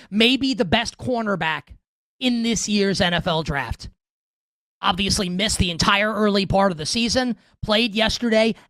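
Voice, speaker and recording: A man hosting a sports betting show, ranting sarcastically through an animated monologue of game commentary. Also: high-pitched, dry recording, clean studio sound.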